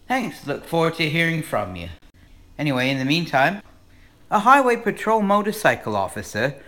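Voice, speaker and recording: A man with a bright, ringing voice hosts a comedy podcast. He tells jokes with lively, swinging intonation and chuckles at his own punchlines. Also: medium pitch. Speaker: podcast host. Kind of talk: comic podcast monologue.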